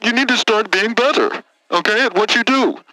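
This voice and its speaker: A man voicing a condescending rich man in a comedy call-in sketch, speaking in a prim, pompous, drawn-out way. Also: sits high, pushed and bright, no echo, voice pushed up, rough recording. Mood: haughty.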